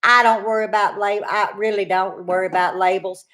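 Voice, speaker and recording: A middle-aged woman with a Louisiana Southern accent co-hosts a casual live cooking chat stream, teasing and chatting in a folksy way. Her mid-range voice holds a steady tone, a bit bright, and moves a little fast.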